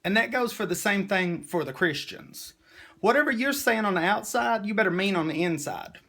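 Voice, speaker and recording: A man's voice: high-pitched, animated, moderate pace, sharp tone. A man speaks in a slightly raised register, talking straight to his viewers. He sounds emotional and preachy as he delivers a heartfelt personal monologue, leaning on "y'all" as he goes. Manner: emotional, preachy, Southern-style "y'all" talk. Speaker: vlogger.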